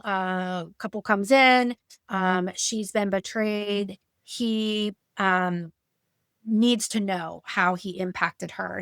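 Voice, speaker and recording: A woman's voice: mid-range voice, dry recording. Conversational woman coach, dry sound. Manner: conversational, with fillers and acted-out quotes. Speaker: betrayal trauma coach. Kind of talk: educational talk with personal examples.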